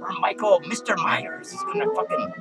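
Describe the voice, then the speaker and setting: A man's voice: very high voice, huge pitch swings, moderate pace, heavily acted, rough recording. A man doing a foul-mouthed ranting clown. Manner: profane, rambling ranting. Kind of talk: comedic character monologue. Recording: loud music playing behind the voice.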